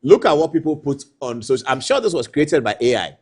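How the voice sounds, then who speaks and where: Ghanaian male anchor, husky, animated pitch, indignant studio commentary. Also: fairly quick. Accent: Ghanaian English. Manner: indignant, rhetorical questions, swings between loud and hushed. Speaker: TV news anchor.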